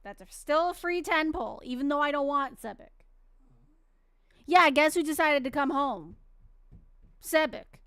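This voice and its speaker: With a high-pitched, expressive voice, a woman streamer chats casually with viewers at a measured pace, pausing often. She rambles and restarts sentences, slipping into baby talk with her pet, and there's no room sound.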